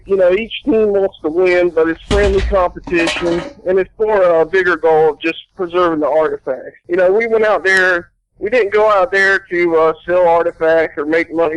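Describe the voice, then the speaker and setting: A man's voice: fairly high pitch, no room sound, dull audio. A man from the American South, a guest on a radio show, talking in an easygoing way. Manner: easygoing, many fillers. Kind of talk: casual radio interview.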